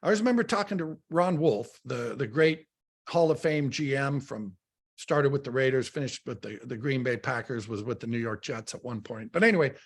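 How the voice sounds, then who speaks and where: Gravelly middle-aged man telling stories. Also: medium pitch, brisk. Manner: storytelling, animated, repeats words when starting. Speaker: radio analyst. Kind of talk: casual sports talk.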